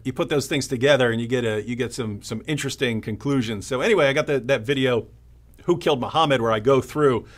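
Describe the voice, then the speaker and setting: A man co-hosting a casual live stream, telling stories with lots of energy and acting out other people's lines. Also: medium pitch. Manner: animated storytelling, mimics opponents. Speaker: co-host.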